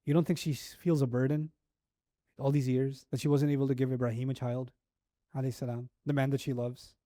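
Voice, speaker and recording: Man giving an animated Quran lecture. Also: mid-range voice, a little fast, no echo, studio quality. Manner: animated storytelling, rhetorical questions. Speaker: Islamic teacher.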